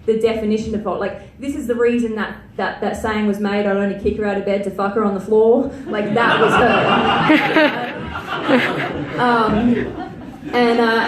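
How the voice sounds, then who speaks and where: A young Australian woman performs stand-up in a fairly high voice, crude and self-mocking, scattering fillers as she talks. Her voice rings through a roomy venue and sits some way off the mic, with faint room noise behind. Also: fairly even intonation, measured pace, distant mic, a loud crowd. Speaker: stand-up comedian. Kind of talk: stand-up comedy set. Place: comedy venue stage. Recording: roomy live venue sound from afar.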